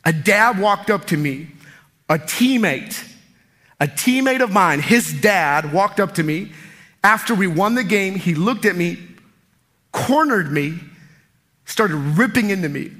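A man preaching a sermon as pastor, energetic and emphatic, with sudden loud peaks. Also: sits high, unhurried, long pauses.

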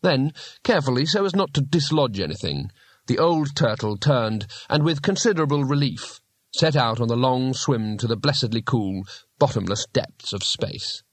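A man reading a fantasy novel aloud as an audiobook narrator, in a measured storytelling manner. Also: medium pitch, lively intonation, no echo. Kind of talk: scripted narration.

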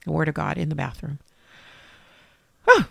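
A middle-aged woman shares a heartfelt story in an interview, her voice carrying a gravelly edge. She acts out old conversations with feeling, in a dry, close recording. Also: low voice, wildly swooping pitch, normal speed, no echo. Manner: emotional storytelling, acting out dialogue. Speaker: interview guest. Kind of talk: personal faith story in conversation.

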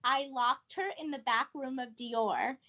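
A young woman from New York tells her story as a guest, her New York accent plain and her manner chatty and animated. Her high, bright voice comes through slightly dull, lo-fi audio. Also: measured pace. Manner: chatty, animated, says "like" a lot. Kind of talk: casual interview storytelling.

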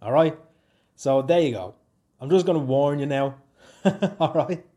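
A young Dublin man chats on his own podcast in a mellow, low-key tone. He rambles and jokes, jumping up high for emphasis, then dropping to quiet asides. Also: moderate pace. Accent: Dublin Irish. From Ireland. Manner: rambling, jokey, lively swings in pitch and loudness. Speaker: podcast host. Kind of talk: casual solo podcast chat.

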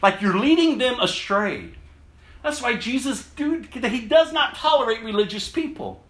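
A man preaching a casual sermon, reading scripture aloud and swinging from loud emphasis to hushed, low tones. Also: lively intonation, unhurried, roomy sound.

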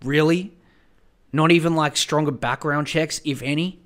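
A man's voice: a little high, steady tone, normal speed, fairly bright tone. A young Australian man hosting a podcast, ranting in a casual, profane and exasperated way, often repeating himself. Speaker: podcast host.

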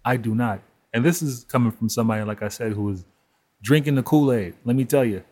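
A man talks alone into the mic in a loose, candid monologue, swearing freely and breaking into short laughs. His pitch sits in an ordinary middle range for a man. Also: a little fast, darkish tone. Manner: candid, profane, laughs between points. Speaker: podcast host. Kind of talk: solo monologue.

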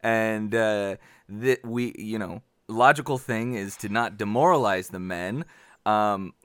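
A man with a fairly low voice, recorded close and dry. He lays out his thoughts about a film in a thoughtful, rambling way. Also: takes it slowly, smooth, no room sound. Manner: thoughtful, explains at length. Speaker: podcast co-host. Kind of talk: casual film-review chat.

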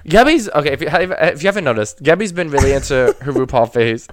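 A man's voice: a little high, lively intonation, fast, over a noisy crowd. A man from Florida co-hosting a casual podcast chat. He teases his co-host and rambles through hesitant, half-finished thoughts.

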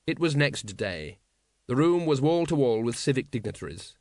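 A man reading an audiobook, a measured, wry scripted narration. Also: medium pitch, big pitch swings, a little mellow, no room sound, studio quality.

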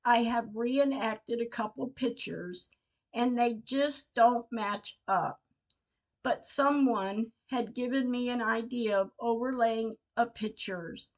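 A woman hosting a podcast, reading her personal diary entries aloud in a measured, emotional way. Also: on the high side, dull audio. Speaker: podcast host.

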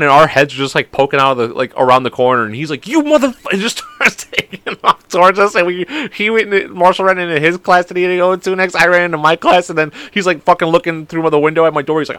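A young man hosting his own podcast, telling high school stories in a rambling, profane way and laughing at them. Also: a bit bright, no room sound. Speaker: podcast host. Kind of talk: casual storytelling monologue.

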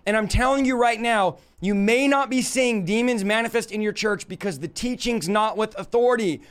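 A man's voice: sits high, clear, resonant tone. A man preaching a live-stream Bible teaching, emphatic and full of rhetorical questions to his audience.

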